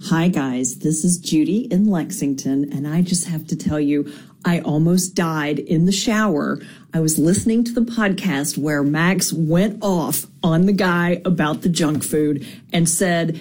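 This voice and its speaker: Gushing woman caller, lowish voice. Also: a little slow, a little mellow. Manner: gushing, breathless storytelling. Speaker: caller, nurse. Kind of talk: voicemail to a radio show.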